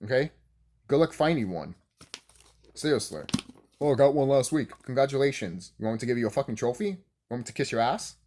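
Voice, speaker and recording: A man in a heated, sarcastic rant who swears freely and circles back over his points. His pitch jumps around a lot, rising high when he mocks others. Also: animated, fairly quick, a little mellow. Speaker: YouTuber ranting about video games. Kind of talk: casual rant to camera.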